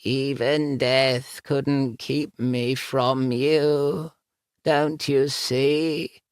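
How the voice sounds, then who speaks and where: A man voicing the cold, croaking ghost of a dead woman, pleading slowly and in a hush. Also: mid-range voice, little pitch movement, no echo, studio quality, voice pushed up. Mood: beseeching. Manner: slow, hushed, beseeching.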